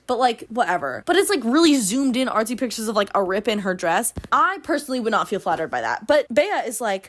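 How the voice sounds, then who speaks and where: Chatty sarcastic young woman recapping a book. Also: medium pitch. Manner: chatty, sarcastic, many tangents and "like" fillers. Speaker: book review vlogger.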